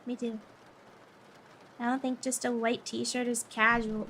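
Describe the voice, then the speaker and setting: A woman's voice: fairly high pitch, little pitch movement, a little slow, pauses often, heavy background noise. A young woman streamer chatting casually with viewers, playful and flustered, laughing often.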